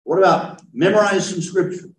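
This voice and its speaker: A man's voice: high-pitched, normal speed. A man who is a pastor, leading a conversational Bible study with a group and answering their questions as he explains. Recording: roomy, mic far from speaker.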